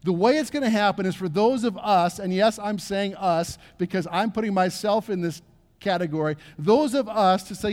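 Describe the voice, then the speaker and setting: A man's voice: sits high, normal speed, a little mellow, in a large hall. A middle-aged man preaching a sermon as pastor, earnest, repeating phrases and asking the congregation to respond. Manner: earnest, repeats phrases, asks the crowd to answer. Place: church sanctuary.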